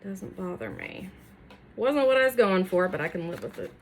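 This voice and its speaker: A woman's voice: fairly low pitch, huge pitch swings, normal speed, a little hiss or hum. A middle-aged woman chatting casually while she paints and works in her home workroom, self-deprecating and talking to the camera as she goes. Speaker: furniture makeover creator. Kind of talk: casual DIY tutorial chat.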